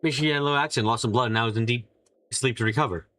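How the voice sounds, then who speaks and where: A man's voice: very fast, fairly bright tone. Man voicing game characters aloud. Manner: reads game text aloud, switching to higher voices for characters. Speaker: let's play streamer. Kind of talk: reading game dialogue aloud with voices.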